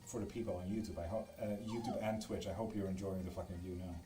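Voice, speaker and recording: A man's voice: deep voice, fairly even intonation, fast talker, mellow. A man from Sweden reading tarot on a live stream at home, chatting casually with viewers in a teasing way and swearing freely. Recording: roomy echo with music behind.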